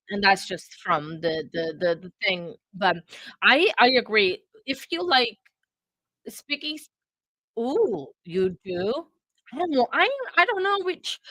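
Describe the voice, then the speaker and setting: A woman with a slightly high voice hosts a live stream, rambling through casual chat and laughing easily. Her voice is picked up on a close, dry microphone with no room sound. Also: fairly bright tone, no room sound. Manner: chatty and rambling, laughs often. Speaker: livestream host.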